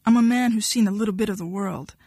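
A woman's voice: medium pitch, fast, mellow, slightly rough, no room sound, clean studio sound. A woman voicing a sulky, whining husband. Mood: indignant. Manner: whiny, pouting, voice cracking. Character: sulky, pleading husband, man.

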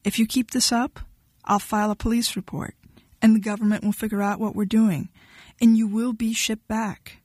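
A woman's voice: on the high side, flat delivery, normal speed, a little mellow, husky, no echo, studio quality. A woman reading the part of a blunt, impatient young woman who talks sharply and dismissively. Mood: furious.

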